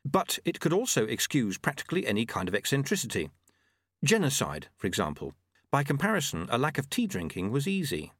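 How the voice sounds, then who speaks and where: A man narrating a fantasy novel audiobook in an expressive storytelling voice. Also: mid-range voice, a little fast, no echo, studio quality. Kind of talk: scripted narration.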